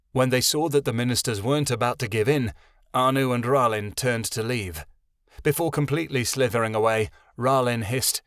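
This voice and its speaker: A man narrating a fantasy audiobook in an even storytelling manner. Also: medium pitch, moderate pace, no echo, studio quality.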